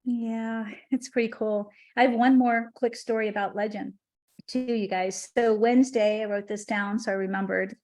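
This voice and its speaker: A woman's voice: fairly high pitch, fairly even intonation, moderate pace, darkish tone. A middle-aged woman, a podcast guest, telling a heartfelt spiritual story in conversation.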